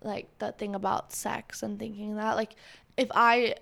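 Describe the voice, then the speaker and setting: A woman hosting a podcast in a casual chat, rambling and animated with many fillers. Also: mid-range voice, measured pace, vocal fry. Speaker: podcast host.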